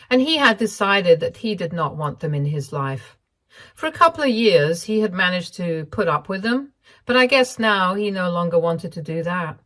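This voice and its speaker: A woman with a somewhat low voice narrates a first-person story. Her delivery is measured and even, like a scripted reading.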